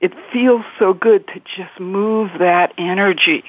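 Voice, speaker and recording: A woman's voice: mid-range voice, a little slow, no echo. Woman therapist on a tinny phone line. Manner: earnest, acts out angry inner speech. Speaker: marriage and family therapist guest. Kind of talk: interview advice.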